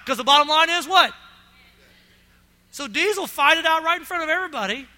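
A man's voice: very high voice, fairly quick, pushed and bright. A middle-aged man preaching a sermon to his congregation, telling stories animatedly and often checking in with "all right?". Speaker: pastor. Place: church sanctuary. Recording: long reverb of a church hall.

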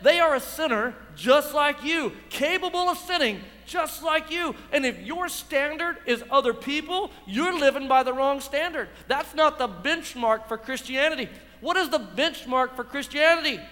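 High, bright-voiced preacher man. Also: expressive, moderate pace, few pauses, long reverb tail. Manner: preaching with rhetorical questions to a congregation. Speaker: pastor. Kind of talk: sermon. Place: church.

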